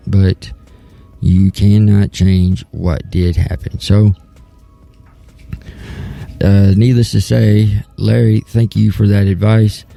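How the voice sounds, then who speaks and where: Thirty-something guy talking solo on his show, low gravelly voice, rambly and plainspoken. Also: mellow, dry recording. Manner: rambling, restarts thoughts, earnest and plainspoken. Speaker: podcast host. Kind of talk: casual solo talk-show monologue.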